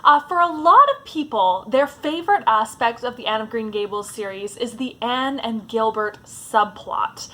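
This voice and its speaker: A woman's voice: fairly high pitch, a bit bright. A woman giving a casual, chatty vlog talk as a book vlogger, with a fond tone and lots of "like"s.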